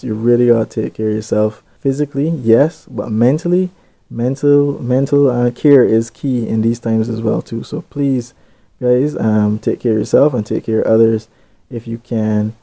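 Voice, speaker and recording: A young man from Barbados hosting, reading out listener shout-outs in a laid-back, chatty way with little asides. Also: medium pitch, gravelly. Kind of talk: casual chat.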